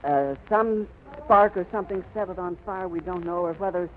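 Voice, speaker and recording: A man's voice: high voice, normal speed. A man giving a live, vivid on-the-spot radio report from an airfield. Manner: vivid, flowing description. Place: outdoors on an airfield. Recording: crackly 1930s radio recording, phone-like band.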